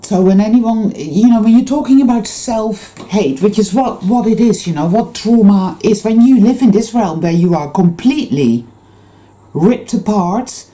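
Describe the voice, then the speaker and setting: A woman's voice: mid-range voice, expressive, moderate pace, dark tone. A woman giving an intense, rambling spiritual monologue to her viewers, full of swearing. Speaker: spiritual vlogger.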